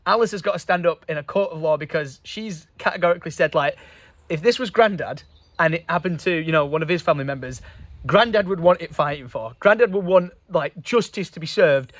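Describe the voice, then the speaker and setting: Young male vlogger, emotional and earnest, fairly high voice. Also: lively intonation, fairly quick, fairly bright tone, no room sound. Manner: emotional, earnest, with many fillers. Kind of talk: casual vlog talk to camera.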